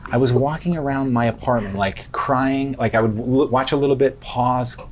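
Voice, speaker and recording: A man's voice: medium pitch, normal speed, a little hiss or hum. A man hosting a podcast, interviewing a guest in an effusive, rambling way and often cutting himself off mid-sentence. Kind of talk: enthusiastic interview talk.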